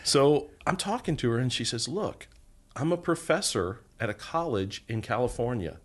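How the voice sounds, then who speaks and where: At a normal speed and in a mid-range voice, a middle-aged man recounts a long story as a podcast guest. Once a federal agent, he animatedly acts out the quoted dialogue of the story's people.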